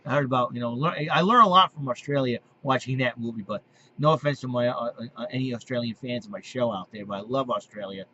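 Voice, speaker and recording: A man in his late thirties hosting a casual monologue video from his basement, rambling with frequent restarts and throat clearing. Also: medium pitch, quick pace, pushed and bright. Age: 30s. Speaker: video host. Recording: dull lo-fi home recording with faint noise.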